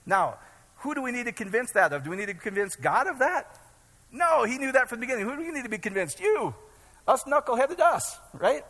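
A middle-aged man from Iowa, a pastor, preaches in a high-pitched, slightly bright voice. The sermon is informal and joking, and he keeps chatting and checking whether the congregation follows him. There is a long hall reverb.

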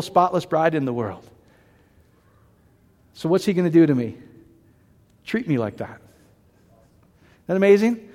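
A man's voice: on the high side, a little mellow. Conversational male pastor in a reverberant hall. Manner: conversational preaching, often asking the congregation questions. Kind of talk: sermon.

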